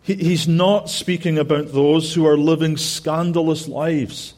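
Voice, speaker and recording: Guy preaching a sermon, slow and earnest, kinda high voice, keeps restarting and repeating himself. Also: fairly even intonation, a little mellow. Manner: repeats phrases for emphasis. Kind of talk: expository sermon.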